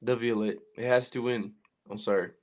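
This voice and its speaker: A man's voice: on the low side, steady tone, moderate pace. A man co-hosting a casual chat, blunt and opinionated, with a slangy, offhand way of talking. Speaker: co-host.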